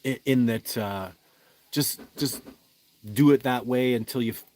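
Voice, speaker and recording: A man's voice: medium pitch, measured pace, darkish tone. A man hosting a casual livestream, rambling with restarts as he reads viewer comments and answers in an emphatic, certain way. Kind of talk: casual live chat.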